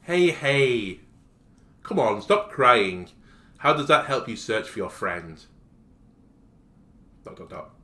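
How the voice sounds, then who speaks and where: A man voicing a calm, blunt teenage schoolboy who reassures and teases a scared classmate, in an echoey room. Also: medium pitch, takes it slowly, long pauses, exaggerated voice. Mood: firm reassuring.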